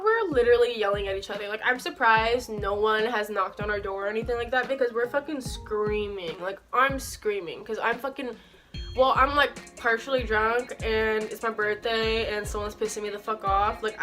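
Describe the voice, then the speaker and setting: A young woman with a fairly high, fairly bright voice tells a personal storytime for her vlog over faint background music. Heated and indignant, she swears heavily and fills her speech with "like."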